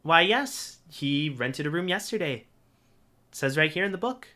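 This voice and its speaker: Man doing a friendly young girl clerk, higher and bright. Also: animated, moderate pace. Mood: cheerful. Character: cheerful young female android desk clerk.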